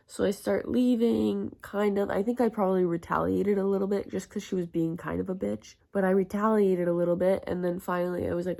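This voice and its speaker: A young woman chatting through a casual storytime with a gravelly, fry-laced voice. She talks in a crude, self-mocking way, leaning on "like" at every turn, at an ordinary middle pitch. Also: fairly even intonation, brisk, few pauses, darkish tone. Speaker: vlogger.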